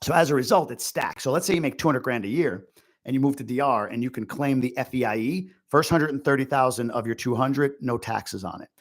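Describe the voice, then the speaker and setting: A man's voice: mid-range voice, fairly quick. Chatty, rambling man hosting a Q&A. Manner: chatty and rambling, many fillers and asides. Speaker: host. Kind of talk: casual livestream Q&A.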